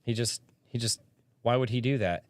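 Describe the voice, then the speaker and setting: A man's voice: mid-range voice, moderate pace, dry recording. A young man hosting a casual livestream podcast, telling stories and reading chat comments aloud as he talks. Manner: chatty storyteller, reads chat aloud.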